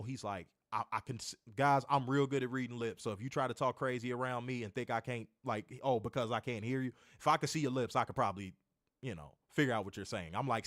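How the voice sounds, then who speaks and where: A man's voice: medium pitch, fairly bright tone, no echo, studio quality. A man hosting a wrestling show, telling a story in a casual, rambling way. He repeats himself, corrects himself and swears.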